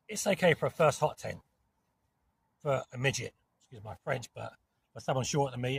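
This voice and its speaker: A camping vlogger from southern England, with a southern English accent and a medium-pitched, creaky, husky voice, talks casually to camera from inside a small, hot tent in the woods. He rambles, swears mildly, and then apologises for it.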